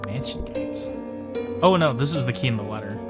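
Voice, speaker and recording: A man's voice: medium pitch, lively intonation, a little fast. A man casually commenting as he plays a horror game, in a wry, chatty manner. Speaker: let's play host. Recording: music playing behind.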